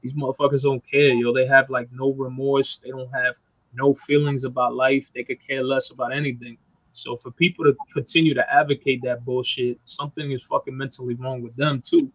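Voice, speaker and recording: A man's voice: medium pitch, flat delivery, fairly quick, no room sound, poor audio. A man talking on a casual podcast, ranting emphatically with lots of profanity. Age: adult parent. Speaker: podcast co-host. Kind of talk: heated casual chat.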